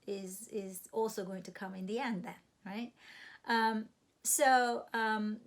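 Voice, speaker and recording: A woman giving a recorded beginner language lesson, explaining patiently and slowly with many fillers and restarts. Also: medium pitch. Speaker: Turkish language instructor.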